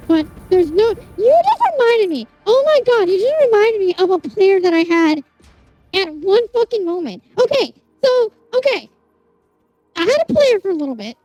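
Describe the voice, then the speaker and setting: A streamer chatting casually with viewers, telling animated, exasperated stories full of swearing. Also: very high-pitched, normal speed, highs cut off, soft background music. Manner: animated storytelling, heavy swearing, exasperated rants.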